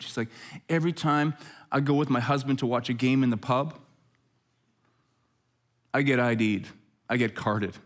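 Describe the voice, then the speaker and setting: A middle-aged man preaching a conversational sermon as pastor, telling stories with jokes and lively asides. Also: medium pitch. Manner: jokey, animated storytelling with asides.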